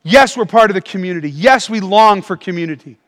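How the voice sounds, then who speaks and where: Pastor guy with a high voice, lively sermon, call and response, big hall echo. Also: a little fast. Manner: animated, call-and-response with the congregation. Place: church auditorium.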